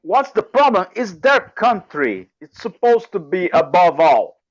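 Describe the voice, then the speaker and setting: A man's voice: sits high, big pitch swings, unhurried, dry recording. A man in a casual online group chat who cuts in often and gives blunt opinions. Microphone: online call. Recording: dry muffled call audio.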